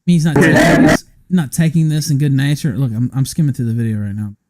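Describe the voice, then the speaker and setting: A man's voice: medium pitch, lively intonation, fast talker, darkish tone. A man hosting a podcast in casual chat, asking questions with a sarcastic edge. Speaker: podcast host.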